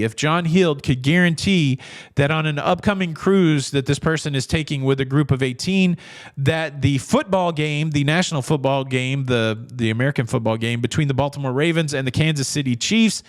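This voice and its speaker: Middle-aged guy doing cruise news commentary, kinda high voice, rambly and jokey. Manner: chatty, rambling, self-interrupting with jokey asides. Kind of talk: casual commentary.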